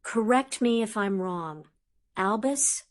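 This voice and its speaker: A woman's voice: medium pitch, animated, takes it slowly. A woman reading an audiobook, voicing a frank, wry grown male wizard in a conversational tone. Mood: reasoning.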